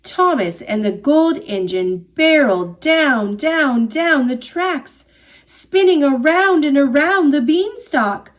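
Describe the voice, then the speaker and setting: A woman reads a children's picture book aloud, her voice high and lively. She narrates very slowly and expressively, stretching out each phrase like a storyteller.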